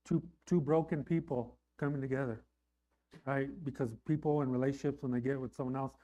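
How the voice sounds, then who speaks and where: A man's voice: mid-range voice, steady tone, a little fast, warm tone. A man preaching a sermon in an earnest, conversational way, often checking in with his listeners. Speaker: pastor.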